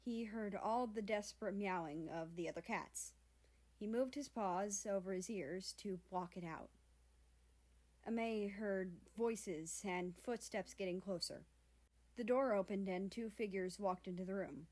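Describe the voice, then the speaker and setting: A woman reads a fan fiction chapter aloud in a plain storytelling manner. Her voice sits at a middle pitch, neither high nor low, and she keeps the narration steady. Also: measured pace.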